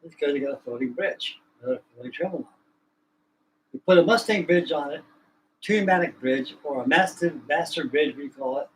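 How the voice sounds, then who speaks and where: A man's voice: a little high, fairly quick, fairly bright tone, a little hiss or hum, poor audio. A man hosting a livestream, chatting casually in a folksy, rambling, colloquial way. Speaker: livestream host. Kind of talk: casual chat.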